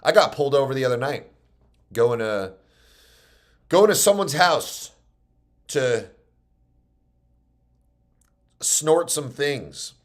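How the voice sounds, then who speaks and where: A man's voice: mid-range voice, lively intonation, takes it slowly, long pauses. New york comedian guy rambling through stories, keeps restarting and poking fun at himself. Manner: rambling and self-mocking, with frequent restarts. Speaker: stand-up comedian. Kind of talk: casual storytelling monologue.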